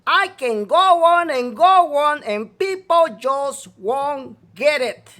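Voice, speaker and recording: A man's voice: very high voice, lively intonation, takes it slowly, sharp tone. A male talk show host delivering a profane, scolding rant, repeating himself to hammer his point home. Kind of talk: ranting talk show monologue.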